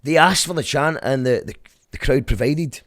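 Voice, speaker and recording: A man's voice: mid-range voice, normal speed, dry recording, studio quality. Rambling Glaswegian man ranting casually. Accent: Glaswegian Scottish. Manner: rambling, wanders off on tangents, restarts sentences. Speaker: vlogger. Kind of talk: casual rant.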